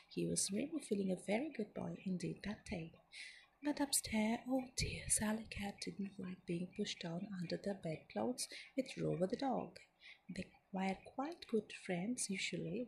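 A woman telling a children's story in soft, whispered ASMR storytelling, her voice gravelly with fry at the low end. She reads at a middling pitch, gently and unhurried, slipping in and out of whisper. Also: rough recording.

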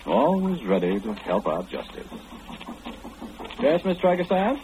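An actor playing a calm, wry clairvoyant man who knows everything, in 1940s radio acting. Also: medium pitch, noisy background. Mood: knowing. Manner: knowing, unhurried, gently mocking.

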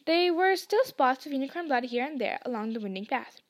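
A woman narrating a book chapter aloud in a hushed storytelling manner. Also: high-pitched, animated, fairly quick. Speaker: podcast reader. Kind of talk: audiobook narration.

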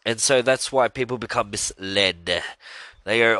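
A man's voice: fairly low pitch, a little slow, bright, forceful tone, no echo. A man hosting a podcast, talking earnestly and rambling about his faith, with frequent fillers and sighs. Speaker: podcast host. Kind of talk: casual religious monologue.

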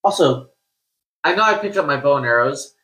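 Bright-voiced man checking game rules. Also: on the high side, lively intonation. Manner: checks and corrects rules quickly. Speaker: player. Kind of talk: casual tabletop game chat. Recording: echoey room.

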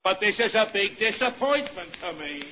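A man's voice: high-pitched, very animated, moderate pace, a little hiss or hum. A sarcastic tough-guy cop. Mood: gruff. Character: gruff suspicious beat cop. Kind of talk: 1940s radio acting. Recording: muffled old radio broadcast.

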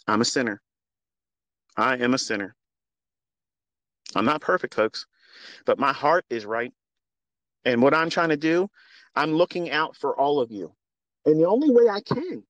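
A man hosting a live audio space, speaking into a phone in an earnest, preachy, profane monologue that swings from quiet to loud. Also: on the high side, expressive, moderate pace, long pauses, no echo. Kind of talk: impassioned unscripted monologue.

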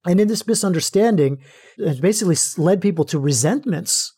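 A man hosting a podcast, giving a slow, emphatic spiritual teaching with repeated phrases. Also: sits high, lively intonation, mellow, slightly rough, no echo, clean studio sound. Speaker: podcast host.

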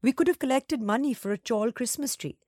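A woman voicing a young schoolgirl in a storybook reading, speaking high and pleading. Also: brisk, a little mellow, no room sound, studio quality, lightly acted. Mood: eager, tearful. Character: young girl, upset and eager.

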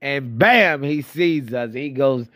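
A man's voice: mid-range voice, animated, slow pace, sharp tone, dry recording. A man in his thirties from Florida, telling rambling, profane stories about his past in a casual monologue, a bit stuffy-nosed. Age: 30s. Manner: profane, rambling, laughing at himself. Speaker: storyteller.

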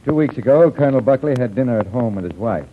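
A man playing a cautious, by-the-book army major in a measured, officious manner, 1940s radio acting on a tinny old broadcast. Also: medium pitch, animated, a little hiss or hum, lightly acted. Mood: briefing.

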